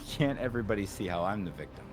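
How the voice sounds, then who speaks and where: A man's voice: fairly low pitch, animated, fairly quick, over music. A man streaming a video game, casually joking, swearing and riffing on tangents with his co-host. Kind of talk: casual let's-play banter.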